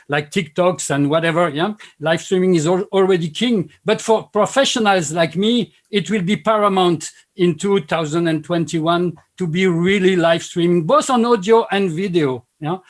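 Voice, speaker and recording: A man with a French accent speaks as a panel guest, his voice sitting high. He makes his points emphatically and stacks repeated phrases. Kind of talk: panel discussion.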